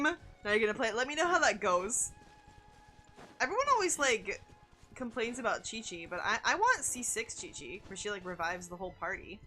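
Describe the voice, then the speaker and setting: A young woman streaming a video game, chatting excitedly with her viewers and reacting to their messages. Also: mid-range voice. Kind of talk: casual gaming stream chat.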